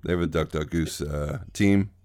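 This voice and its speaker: A man's voice: extremely low pitch, fairly even intonation, normal speed, darkish tone. A man co-hosting a podcast over a video call, rambling and teasing in casual chat. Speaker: podcast co-host.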